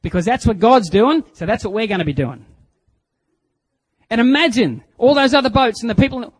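A middle-aged Australian pastor with a notably high voice preaches with animated storytelling. He drops to near-whispers on key words, then rises sharply as he acts out voices. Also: normal speed, breathy edge, low-quality recording. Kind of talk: sermon.

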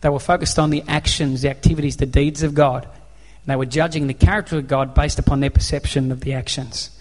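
A man's voice: medium pitch, fairly even intonation, a little fast, darkish tone. A man with an Australian accent preaching a sermon, telling a personal story in an earnest, conversational way. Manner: earnest, conversational, acts out dialogue. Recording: long reverb of a large hall.

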